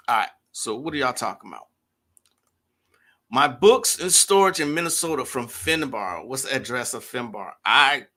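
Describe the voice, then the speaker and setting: Bright-voiced man chatting on a livestream. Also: medium pitch. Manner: chatty, addresses viewers directly. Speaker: livestream host. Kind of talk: casual livestream chat answering viewers.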